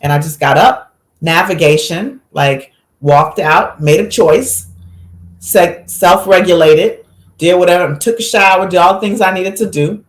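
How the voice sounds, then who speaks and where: Woman guest, lowish voice, animated storyteller, echoey room. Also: measured pace. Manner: animated storyteller, acts out quotes. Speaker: physician guest. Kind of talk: conversational podcast interview.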